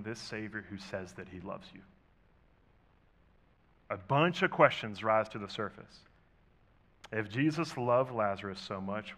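A pastor preaching a sermon, talking conversationally with rhetorical questions and big swings between loud and soft. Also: male voice, on the low side.

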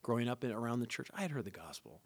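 A man telling the story of his conversion to a podcast host in an earnest, animated way, with plenty of fillers. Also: mid-range voice, racing, husky, dry recording. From Southern California. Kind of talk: casual conversational testimony.

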